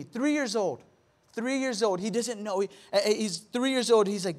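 A pastor in his thirties delivers a sermon in a notably high voice for a man. He tells his stories animatedly and often repeats words as he goes. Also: moderate pace. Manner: animated storytelling with repetitions.

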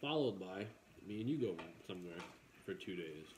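Playful man with a low voice. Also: lively intonation, moderate pace, roomy sound, background noise. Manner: playful, jokey, sings goofy song bits. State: recovering from illness, rough voice. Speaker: vlog host. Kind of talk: casual chat.

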